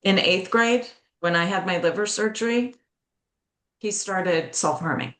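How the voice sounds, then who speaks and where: A woman's voice: medium pitch, a little slow, fairly bright tone. A middle-aged woman being interviewed, talking earnestly as a mental health educator and telling personal stories, speeding up on key points. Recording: roomy echo.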